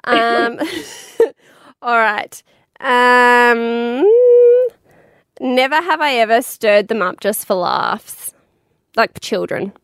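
A woman, co-hosting a casual chat, giggling and swearing in quick asides. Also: on the high side, a bit bright, clean tone, no room sound, clean studio sound. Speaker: podcast co-host.

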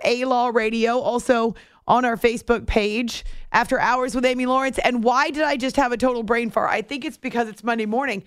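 Sports radio lady talking from her studio, a bit high, dry close mic, chatty and jokey. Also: clear, resonant tone, no echo. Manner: chatty, self-mocking, sarcastic asides. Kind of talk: casual sports talk radio. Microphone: studio microphone.

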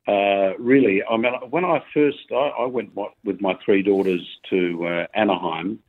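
A middle-aged Australian man calling a radio show, talking earnestly and haltingly with many fillers. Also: on the low side. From South Australia. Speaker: caller. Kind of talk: phone call to a radio show. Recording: tinny phone line.

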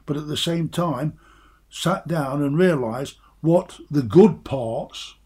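Looking back on his playing days in casual chat, this older ex-footballer takes it slowly. His husky, mellow voice sits a bit high for a man, and he grows animated, repeating words as each story builds.

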